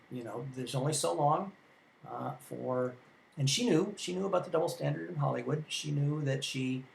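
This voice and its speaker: A man's voice: mid-range voice, creaky, a little hiss or hum. A man teaching film history in an informal classroom lecture, rambling and conversational, with many ums and restarts. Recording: echoey room.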